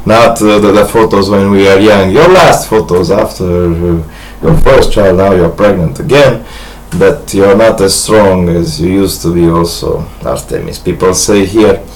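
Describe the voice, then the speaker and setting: Halting, grandiose man. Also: sits low, slight background noise, low-quality recording. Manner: hesitant, halting, many restarts and fillers; grandiose, earnest monologue. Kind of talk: rambling personal video message.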